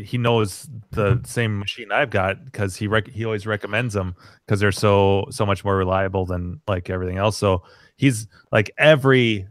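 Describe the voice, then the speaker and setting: A man hosting a podcast, chatting casually and explaining hardware details in a relaxed way. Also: lowish voice, dry recording, clean studio sound. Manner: laid-back, short affirmations, technical explanations. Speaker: podcast host. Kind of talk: casual chat.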